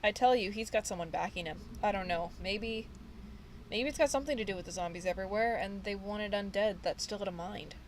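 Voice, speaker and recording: Brief: woman reads nervous young male gang dropout, slangy, mid-pitched. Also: brisk, a little hiss or hum, close to an everyday voice, rough recording. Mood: scared. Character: frightened young male ex-gang member, street-talking. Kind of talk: reading game dialogue aloud.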